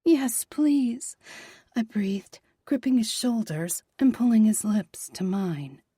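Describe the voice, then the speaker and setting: A woman narrating a romance audiobook in a soft, breathy, half-whispered voice. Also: mid-range voice, expressive, unhurried, no echo.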